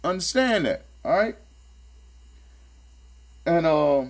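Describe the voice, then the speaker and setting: A man's voice: animated, normal speed. A man giving casual spoken commentary as he reads and critiques scripture, talking in a streetwise, sarcastic, emphatic way and repeating his points. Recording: low electrical hum behind the voice.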